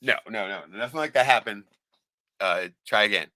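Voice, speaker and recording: A man telling a profane story in casual chat, animated, laughing often and acting out the voices of others. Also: lowish voice, moderate pace, dry recording, studio quality. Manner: animated, swears a lot, laughs often, acts out quoted voices.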